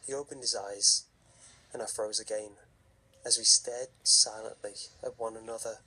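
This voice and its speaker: A man reading a horror story aloud in a slow, measured, hushed narration with a husky voice. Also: lowish voice, fairly even intonation, low-quality recording.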